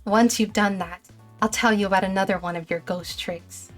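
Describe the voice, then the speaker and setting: Girl voicing a calm ghost mentor lamp, measured and instructive, soft game music behind. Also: medium pitch, voice pushed down, close to an everyday voice. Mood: calm guiding.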